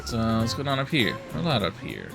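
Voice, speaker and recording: Gravelly-voiced man streaming a game. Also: mid-range voice, huge pitch swings, brisk, over music. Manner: joking, rambling asides. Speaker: streamer playing a video game. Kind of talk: casual gameplay commentary.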